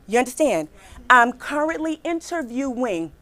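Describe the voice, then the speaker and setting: A middle-aged woman giving a lively workshop talk on careers to a live audience in a hall, emphatic and repeating her points, often checking in with "right?" and "okay?". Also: fairly high pitch, normal speed. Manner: acts out quotes with a bright smile in her voice.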